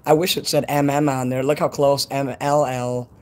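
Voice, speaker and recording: A livestreamer with a Chicago accent rambles through casual chat outdoors at night. His mid-range male voice holds a level tone at a moderate pace, and his loose, chatty talk is full of swearing.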